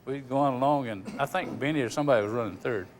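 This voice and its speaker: A man's voice: medium pitch, rapid-fire. A man telling a teasing racing story, laughing. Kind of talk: storytelling at a reunion panel.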